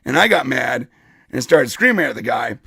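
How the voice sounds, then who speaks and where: A man co-hosting a podcast, telling a wild story in a casual, animated way and acting out what people said. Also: medium pitch, normal speed, gravelly, slightly rough, no echo, clean studio sound. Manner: animated, acts out quotes. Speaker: podcast co-host.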